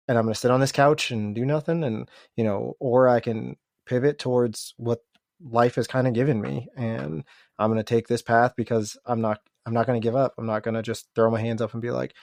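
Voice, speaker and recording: A man's voice: medium pitch, little pitch movement, moderate pace, gravelly, darkish tone, no echo, studio quality. A man hosting a podcast interview, speaking in a casual, encouraging and reflective way. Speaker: podcast host.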